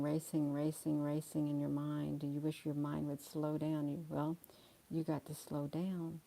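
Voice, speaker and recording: A middle-aged woman chatting slowly and soothingly with livestream viewers, calling them honey. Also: low-pitched, dark tone. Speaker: livestream host reading viewer comments. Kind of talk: slow casual chat to live viewers.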